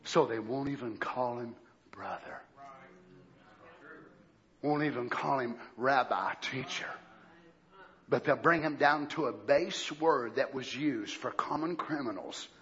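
A man preaching a fiery sermon, shouting and swinging into mocking impressions. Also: mid-range voice, takes it slowly, pauses often. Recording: lo-fi muffled sound.

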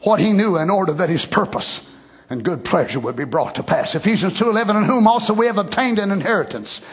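A man's voice: high-pitched, expressive, fast, breathy edge. A middle-aged man preaching a sermon in a folksy, conversational way that swells into emphatic exclamations. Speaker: pastor.

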